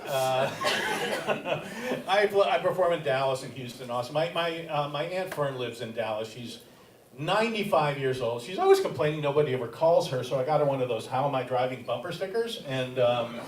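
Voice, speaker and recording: A man's voice: on the high side, expressive, moderate pace. An older man doing stand-up comedy as the emcee and teacher, with a wry, self-deprecating, crowd-teasing delivery. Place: comedy theater stage with a live audience. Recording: roomy, distant live-stage recording with audience noise.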